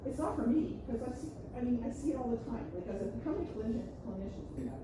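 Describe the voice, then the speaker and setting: A middle-aged woman giving a workshop talk on grief as a counselor, chatty and lively, often checking in with the audience and laughing. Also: fairly high pitch, fast talker, noisy background.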